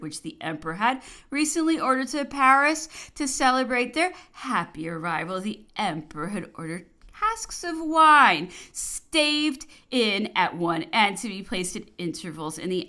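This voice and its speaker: A woman narrating a historical memoir as an audiobook, reading with expressive, varied emphasis. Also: medium pitch. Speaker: audiobook reader.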